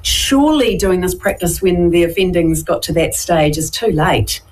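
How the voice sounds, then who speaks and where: A woman's voice: on the low side, expressive, normal speed, low-quality recording. A woman with a New Zealand accent, a regional councillor speaking earnestly as a radio guest. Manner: earnest, emphatic. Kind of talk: radio phone-in interview.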